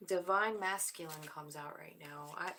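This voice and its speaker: A woman giving a spiritual tarot reading, soft-spoken and emotional, often dropping to a whisper. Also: low-pitched, normal speed, background noise. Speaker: tarot reader.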